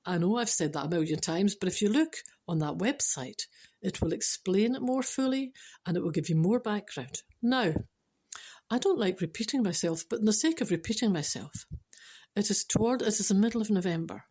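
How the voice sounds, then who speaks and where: A woman's voice: medium pitch, expressive, brisk, darkish tone, husky. Scottish woman, casual joke teller, dry wit, chatty and informal. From Scotland. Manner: chatty, dry wit, restarts and laughs at herself. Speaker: storyteller and speaker.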